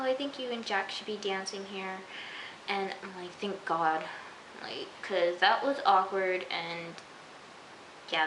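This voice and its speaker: A woman's voice: mid-range voice, pushed and bright. Chatty young woman recapping a show. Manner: chatty, giggly, full of "like" and "you know". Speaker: TV episode reviewer. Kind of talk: casual recap vlog. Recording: echoey room with faint hiss.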